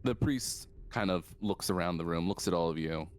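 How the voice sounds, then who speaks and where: A man's voice: sits low, normal speed. A man narrating as dungeon master of a tabletop role-playing game.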